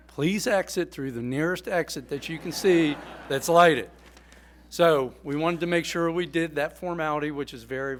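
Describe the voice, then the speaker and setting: A fire chief addresses the crowd from a podium in a folksy, joking way. His voice sits slightly high for a man, and his delivery halts often on hesitant fillers. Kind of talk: public speech at a podium.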